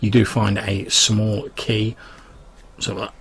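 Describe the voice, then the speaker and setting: A man's voice: fairly low pitch, little pitch movement, slow, gravelly, crowd noise, rough recording. A man narrating as game master, rambling with many restarts and fillers.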